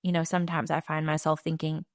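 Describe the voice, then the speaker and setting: A woman hosting a podcast, speaking in a measured, sincere way with long reflective sentences. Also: deep voice, flat delivery, dry recording, studio quality. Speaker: podcast host. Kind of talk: warm conversational interview.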